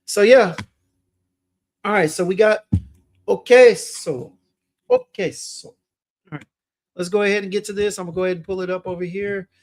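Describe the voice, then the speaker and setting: A man's voice: high voice, normal speed, long pauses. A young man hosting a fragrance livestream, chatting casually and reading viewer comments aloud in a laid-back way.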